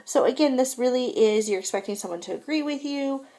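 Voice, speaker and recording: A woman's voice: high-pitched, lively intonation, brisk, warm tone. A woman teaching French grammar in a recorded lesson, patient and repetitive, often checking in with "okay?". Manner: patient, repeats "so again" and "okay?".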